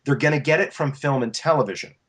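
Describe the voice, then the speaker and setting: Animated man explaining his craft. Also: mid-range voice, quick pace, husky. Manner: animated and explanatory, with frequent restarts. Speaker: voice actor and coach. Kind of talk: interview guest sharing advice.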